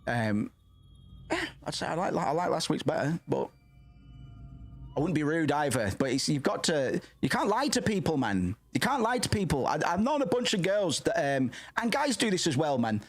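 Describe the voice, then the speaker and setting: Brief: male streamer, casual and profane, loud and passionate, lively pitch that swings up and down. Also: normal speed, soft background music. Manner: rambling, profane, says "man" a lot. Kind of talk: casual livestream chat.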